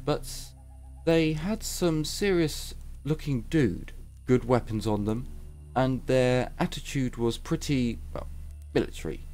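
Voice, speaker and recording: A man's voice: mid-range voice, a little mellow, voice pushed up. A man reading the lines of a friendly, chatty male village guard in a game. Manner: easygoing, chatty.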